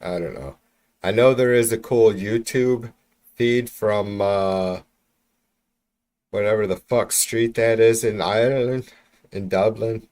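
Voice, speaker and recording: A man's voice: fairly low pitch, takes it slowly, pauses often, a little mellow. A man casually chatting with his livestream viewers, rambling and swearing freely, speaking from about an arm's length from the mic. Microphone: mic about an arm's length away.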